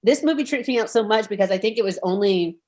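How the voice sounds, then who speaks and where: A woman in her thirties, a podcast guest in casual chat, talking in an animated, rambling way with many fillers over a remote call mic. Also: medium pitch, quick pace.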